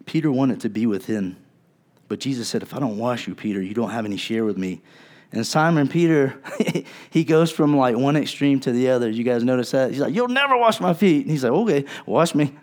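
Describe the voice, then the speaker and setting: A man preaching a sermon at a middle pitch, talking in a casual, chatty way. He acts out the people he quotes, then sinks low and quiet to press a point. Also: fairly quick. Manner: conversational, acts out quotes in voices; wide swings in loudness, drops low and soft for emphasis. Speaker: pastor.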